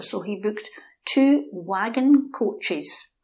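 A woman telling a local story in a lively, animated way, acting out the characters. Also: mid-range voice, normal speed. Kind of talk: anecdotal storytelling.

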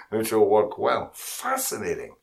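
Guy hosting, chatty, laughs easy, thinks out loud. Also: fairly low pitch, animated, takes it slowly, vocal fry. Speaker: host. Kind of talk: casual chat.

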